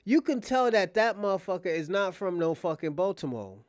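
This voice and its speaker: A man's voice: high-pitched, normal speed, no echo, studio quality. A man hosting casual commentary, talking bluntly with profanity. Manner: blunt, profane, animated storytelling. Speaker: host.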